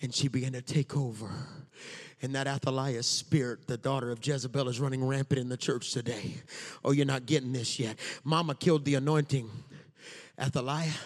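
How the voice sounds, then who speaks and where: A male preacher delivering an impassioned sermon, often rising into shouts and sung phrases. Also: mid-range voice, steady tone, a little fast. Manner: impassioned, shouting and half-singing at peaks.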